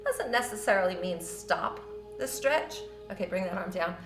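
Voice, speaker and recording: A woman teaching a yoga class, guiding breathing and stretches in a gentle, encouraging, loosely conversational way. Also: medium pitch, lively intonation, normal speed. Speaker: yoga instructor. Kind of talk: guided yoga class instruction. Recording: roomy with soft music behind.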